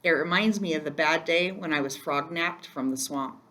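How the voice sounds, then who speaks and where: A woman reading a first-person children's chapter book aloud in a gentle storytelling manner. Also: low voice, moderate pace. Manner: gentle, storytelling, occasional slips. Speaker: reader.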